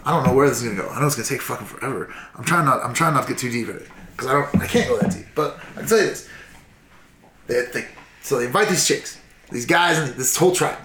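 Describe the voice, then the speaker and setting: A man's voice: medium pitch, lively intonation, fast talker, pushed and bright, echoey room, slight background noise. A tipsy man telling history in a profane, rambling, casual way, acting out little voices as he goes. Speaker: storyteller in casual chat. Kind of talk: casual drunken history chat.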